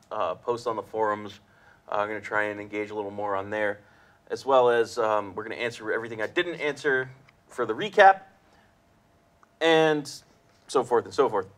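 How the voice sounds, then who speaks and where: A man's voice: medium pitch, a bit bright. A man hosting a weekly live show in a casual, jokey way, laughing often between his remarks. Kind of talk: casual livestream chat.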